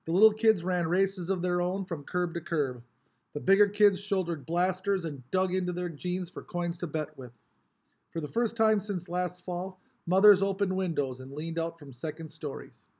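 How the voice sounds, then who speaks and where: A man reading a novel aloud with expressive, varied storytelling. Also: sits high, moderate pace. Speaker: audiobook reader.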